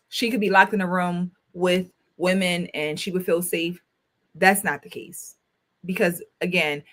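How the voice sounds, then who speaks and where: Slow, emphatic woman hosting a livestream. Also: lowish voice, fairly bright tone. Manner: emphatic, repeats phrases, addresses viewers directly. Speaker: talk show host and school counselor. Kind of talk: casual livestream commentary.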